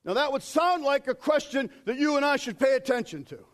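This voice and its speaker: Male pastor, very high voice, sermon delivery with loud bursts and hushed asides. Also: expressive, a little fast. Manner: preaching with sudden shouted quotes and quiet asides.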